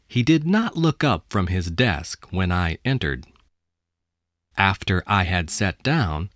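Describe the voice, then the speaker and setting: A man reading a language lesson and a short story in a slow, measured, expressive way. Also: lowish voice, dry recording, studio quality. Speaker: language course reader.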